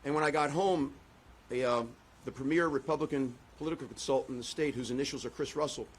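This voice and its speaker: A man's voice: mid-range voice, quick pace, a little hiss or hum. A man, a political candidate, giving a concession speech and then answering press questions, driving points home with repeated phrases. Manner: rhetorical, repeats phrases for emphasis.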